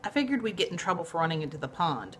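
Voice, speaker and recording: A woman casually reading a novel aloud in a lively, conversational way. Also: on the low side, racing, slight background noise. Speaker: reader of a novel.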